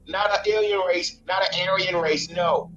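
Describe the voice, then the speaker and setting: A man's voice: high voice, fairly even intonation, moderate pace, highs cut off. A man hosting a casual reaction show, giving blunt, preachy commentary and swearing freely. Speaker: host.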